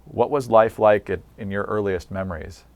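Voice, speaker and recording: A man's voice: lowish voice, steady tone, normal speed, darkish tone, dry recording. A man conducting an oral history interview, prompting with questions and summing up the answers.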